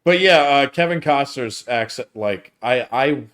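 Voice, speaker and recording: A man's voice: medium pitch, lively intonation, a little slow, a bit bright. Rambling man reviewing films. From United States. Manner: rambling, restarts sentences, hedging. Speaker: movie review host. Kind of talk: casual chat.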